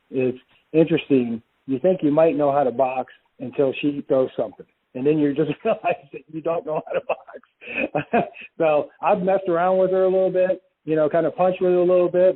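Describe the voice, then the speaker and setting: A middle-aged man, a company president, talking casually about his family as an interview guest. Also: mid-range voice. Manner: warm, chatty storyteller with laughs. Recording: tinny phone-like line.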